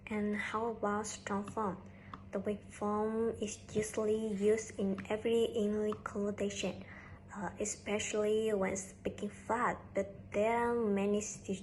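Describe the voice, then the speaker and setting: A woman's voice: medium pitch, flat delivery, darkish tone, a little hiss or hum, rough recording. A woman whose first language is Vietnamese, reading a class presentation carefully, with a few halts. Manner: careful, slightly halting reading. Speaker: student presenter.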